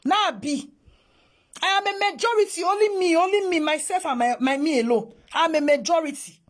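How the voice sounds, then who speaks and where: A woman's voice: very high voice, brisk. A woman with a Nigerian accent, ranting in exasperated reaction commentary, mixing Pidgin and English. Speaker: social media commentator.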